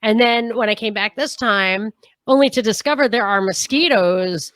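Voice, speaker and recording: Woman chatting on a livestream from home, quick asides, kinda high voice, dead dry room. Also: a bit bright, no echo. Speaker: podcast co-host. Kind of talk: casual livestream chat. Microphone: home video call setup.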